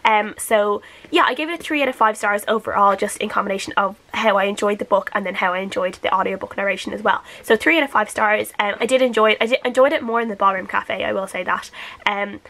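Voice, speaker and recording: A woman talks through her week's reading in a relaxed, rambling way, full of little fillers and restarts. Her voice sits at an ordinary middle pitch. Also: fast talker. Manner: chatty, rambling with many filler words. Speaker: book reviewer. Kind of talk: casual weekly book wrap-up.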